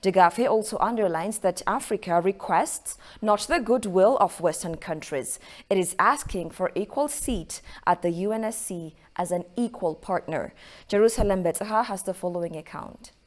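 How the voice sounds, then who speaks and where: Female news anchor, formal read. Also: mid-range voice. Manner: formal, measured. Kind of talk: news reading.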